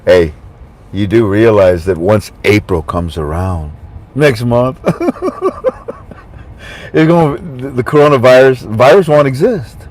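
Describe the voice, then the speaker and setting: A man doing an impression of a boastful male president in a low, murmured, offhand voice. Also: measured pace, long pauses, a little mellow, lightly acted. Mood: scheming.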